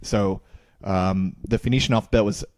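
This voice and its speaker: Low-voiced hesitant podcast man. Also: steady tone, normal speed, a little mellow, dry recording. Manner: hesitant, many fillers. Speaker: podcast co-host. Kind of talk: casual chat.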